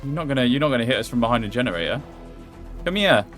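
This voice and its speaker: A man streaming a game and narrating his fight out loud, jumping from muttered planning to excited yelps and cursing, his pitch sitting right in the middle of the usual male range. Faint game music plays underneath his voice. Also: very fast. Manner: excitable, swears, talks to himself and the game character. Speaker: gameplay streamer. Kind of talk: live gameplay commentary.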